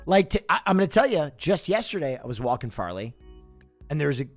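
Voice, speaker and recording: A young man in casual chat, telling profane, animated stories about his dog. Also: on the high side, fast talker, faint music behind. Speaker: streamer co-host.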